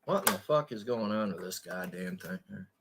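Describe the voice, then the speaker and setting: A man's voice: fairly low pitch, expressive, normal speed, breathy edge. A man live streaming and chatting casually with his viewers, rambling in a crude and profane way.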